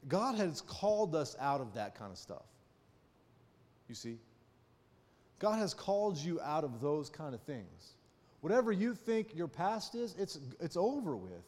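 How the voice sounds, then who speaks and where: A man preaching a relaxed, story-driven sermon in a slightly higher register than most men. He keeps checking in with his listeners, and his voice rings with long reverb from a large hall. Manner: frequent rhetorical check-ins with the listeners; personal storytelling. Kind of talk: conversational sermon.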